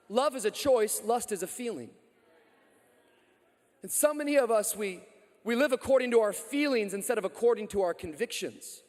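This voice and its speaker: A male pastor preaching a lively, joking sermon and calling out to the crowd. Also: high voice. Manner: energetic, joking, loud calls to the crowd. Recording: long reverb of a large hall.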